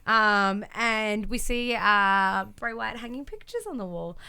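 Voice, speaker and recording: A woman's voice: mid-range voice, animated, a little slow, pushed and bright, smooth. A woman co-hosting a podcast, recapping events in casual chat and acting out quotes in exaggerated voices. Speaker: podcast co-host.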